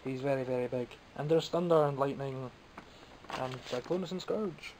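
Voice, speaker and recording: Here a mid-range male voice with a Scottish accent moves at a moderate pace through a casual vlog. The toy collector jokes about himself while holding up his purchases, and the background is noisy.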